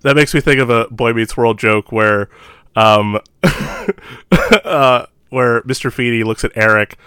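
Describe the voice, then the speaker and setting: A man's voice: mid-range voice, slow pace, sharp tone, smooth, dry recording, clean studio sound. A man co-hosting a podcast in casual chat, playful and easygoing, giggling often. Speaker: podcast co-host.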